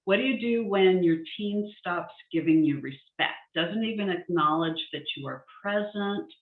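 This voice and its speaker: A woman's voice: lowish voice, moderate pace. A woman hosting, chatting as she passes on questions from the audience. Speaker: host. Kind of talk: interview questions. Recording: tinny echoey call audio.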